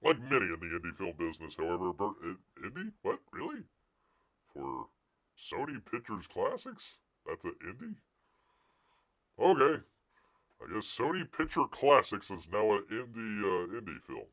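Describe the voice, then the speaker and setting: An American man hosts a casual live news stream, reading articles aloud and cutting in with sarcastic jabs. He's very animated, with a pitch that leaps and drops often, a moderate pace and a fairly bright tone, and he keeps slipping into mocking voices for the people he discusses.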